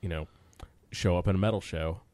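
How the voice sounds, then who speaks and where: A man chatting casually on a podcast, rambling in a relaxed way. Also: sits low, fairly quick. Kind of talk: casual chat.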